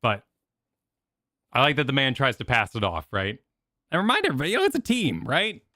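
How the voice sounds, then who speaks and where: A young man reacting to event videos on stream chats casually in rambling, animated bursts, full of filler and restarts. His medium-pitched voice moves fairly quickly, and the recording is dry with clean studio sound.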